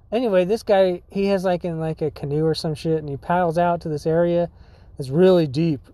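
High, mellow-voiced man, rambling laid-back podcast host, cusses a lot. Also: moderate pace, no echo. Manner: rambling, full of likes, dudes and swearing; laughs often. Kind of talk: casual storytelling.

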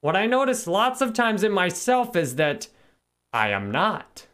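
Brief: man in his thirties, live stream host, reflective self-help talk, voice a touch high. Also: measured pace. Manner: calm, reflective, greets viewers by name between points.

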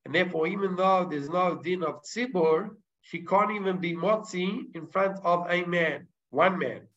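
A man's voice: high voice, a little slow, fairly bright tone, dull audio. A man teaching a Talmud class, explaining step by step and weaving Hebrew terms into his English, often restarting his sentences. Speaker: Torah teacher.

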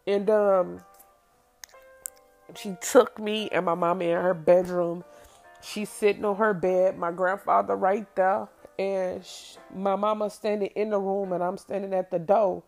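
A woman's voice: medium pitch, little pitch movement, a little slow, creaky, darkish tone, faint music behind. A woman telling a personal story from her past, candid, blunt and profane.

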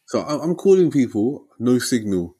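A young man telling a story in casual chat, lively and slangy, ending lines with "innit" and "yeah". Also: medium pitch, normal speed, husky.

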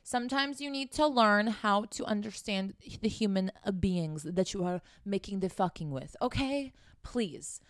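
Blunt, foul-mouthed woman coach with a smooth voice. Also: medium pitch, animated, a little slow, hardly any pauses, dry recording, clean studio sound. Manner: blunt and profane, chatty. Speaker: dating and sex coach. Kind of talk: casual advice vlog.

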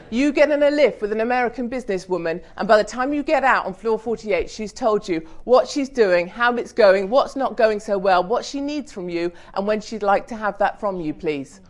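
A middle-aged British woman speaking on a business panel, blunt and humorous, growing more animated as she urges the audience on. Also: medium pitch, moderate pace, few pauses. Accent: British English. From United Kingdom. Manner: blunt, energetic, humorous, mildly swearing. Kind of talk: lively panel talk to an audience.

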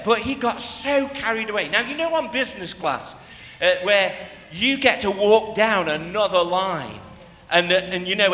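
Man, preacher, lively storytelling, brassy high voice, faint room hum. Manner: lively storyteller, breaks into shouts when re-enacting. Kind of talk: sermon with personal storytelling. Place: church hall. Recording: echoey hall, faint ambience.

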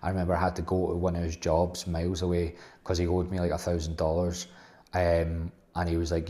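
Low flat-voiced young man. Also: a little fast. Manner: blunt, sweary and rambling. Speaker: host. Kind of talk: casual storytelling monologue.

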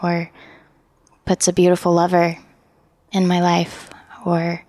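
A woman yoga teacher trainee sharing her experience in a group, telling it in an animated way with laughter. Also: lowish voice, slow pace.

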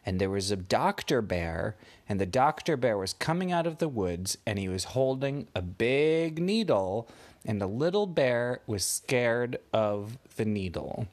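A man making up a bedtime story for a child, taking his time over every sentence. His voice rises and falls a lot, playful and expressive, as he pulls the listener along. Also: mid-range voice. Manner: slow, animated, playful voices. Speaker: parent telling a bedtime story.

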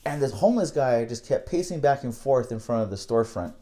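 A man's voice: medium pitch, expressive, a little fast, warm tone. A young man telling a casual, candid story about his night-shift work, rambling and swearing freely.

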